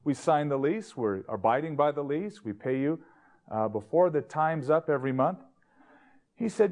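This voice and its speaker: A man's voice: fairly high pitch, expressive, moderate pace, darkish tone. A male pastor preaching a sermon in a conversational, anecdotal storytelling manner.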